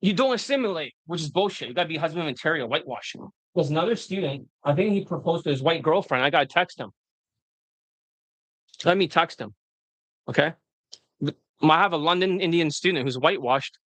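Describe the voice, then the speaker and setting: A man's voice: fairly high pitch, animated, brisk, long pauses, fairly bright tone, no echo. A man working as a dating coach, giving a blunt, profane, rambling video lecture off the cuff.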